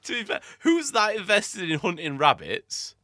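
Lively, bright-voiced man chatting. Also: high voice, moderate pace, no room sound, studio quality. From Doncaster, England. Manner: laid-back, swears often, laughs readily. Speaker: podcast co-host. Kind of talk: casual podcast chat.

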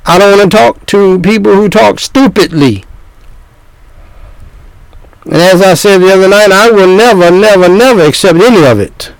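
A man's voice: sits high, normal speed, gravelly, long pauses, clear, resonant tone, dry recording, low-quality recording. An older man preaching a sermon, scolding his listeners with repeated points and rhetorical questions.

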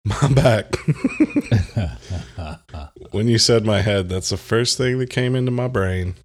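A man with a very low voice co-hosts a podcast in loose, casual chat. He tells stories with energy, laughs easily and slips into imitations of other people's voices. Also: measured pace. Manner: animated storyteller, mimics voices, laughs often. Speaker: podcast co-host.

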